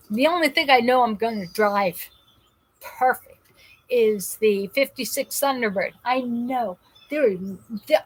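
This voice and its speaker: A talkative woman hosts a live show, reading viewer comments aloud and wandering through her stories. Her voice sits a little high, and she often restarts her sentences. She is speaking through pain. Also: rough recording. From New Jersey. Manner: rambling and animated, with frequent restarts. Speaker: host of a live call-in show.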